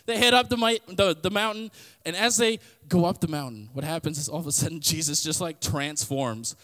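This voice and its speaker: High-voiced man teaching the Bible casually. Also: a little fast, a bit bright, in a large hall. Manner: conversational, storytelling, paraphrases scripture in everyday slang. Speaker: podcast host and Bible teacher.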